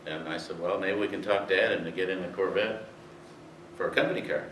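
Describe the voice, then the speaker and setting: A man's voice: deep voice, fairly even intonation, a little fast, fairly bright tone. An older man telling rambling racing anecdotes to an audience, with many fillers. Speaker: speaker telling racing history. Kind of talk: storytelling talk to an audience. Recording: roomy, distant, faint hiss.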